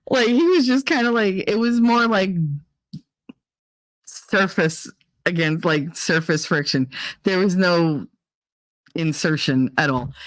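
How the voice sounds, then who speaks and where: A woman's voice: lowish voice, no echo, low-quality recording. A woman hosting a podcast, telling a story in a frank, profane, casual way and laughing often. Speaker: podcast host.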